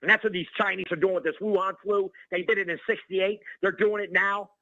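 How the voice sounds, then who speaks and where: High-pitched guy going off on a call-in show, talks super fast, bright sharp voice, muffled lo-fi line. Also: dry recording. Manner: ranting, excitable, repeats the host's name. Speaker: caller. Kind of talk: heated call-in rant.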